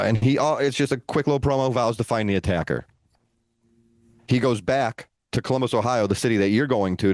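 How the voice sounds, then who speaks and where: A man co-hosting a podcast, telling a long story in an animated, relaxed way with playful asides. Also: lowish voice, dry recording. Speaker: podcast co-host. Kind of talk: casual storytelling.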